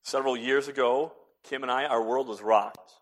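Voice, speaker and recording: A middle-aged pastor delivers a sermon, shifting from hushed, almost whispered lines to loud, emphatic declarations. His voice sits at a medium pitch with fairly even intonation, and he speaks at a normal speed.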